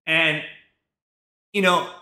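A male streamer telling a rambling, profane story in a casual, animated way, full of fillers. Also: a little high, drawn-out words, reverberant.

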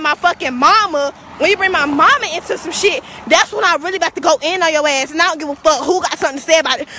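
High, bright-voiced young woman ranting. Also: a little hiss or hum. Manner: profane, confrontational, fast and emphatic. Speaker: vlogger. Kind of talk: heated rant to camera. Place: outdoors, walking to a store.

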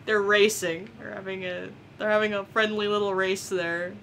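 A woman giving silly, animated let's-play commentary, chatting to the game characters as she plays. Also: mid-range voice, moderate pace, gravelly, heavy background noise. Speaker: gameplay commentator.

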